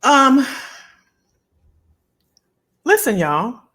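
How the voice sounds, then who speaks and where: A woman's voice: high-pitched, sing-song, extremely slow, a bit bright. A middle-aged woman, hosting a live stream as a career coach and talking to viewers in a folksy, heartfelt way. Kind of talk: emotional livestream chat with viewers.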